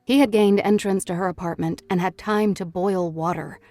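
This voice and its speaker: A woman narrating a novel in a steady, even storytelling voice. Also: mid-range voice, moderate pace, no room sound, faint music behind. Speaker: audiobook narrator. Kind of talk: scripted narration.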